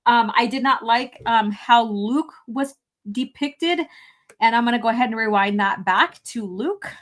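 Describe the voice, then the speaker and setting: A woman's voice: fairly high pitch, measured pace. A woman live-streaming a fan film review, talking casually, laughing and swearing often.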